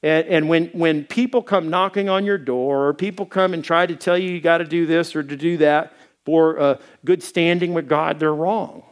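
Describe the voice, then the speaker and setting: A man from Arkansas preaching a conversational, animated sermon as the church's pastor. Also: a little high.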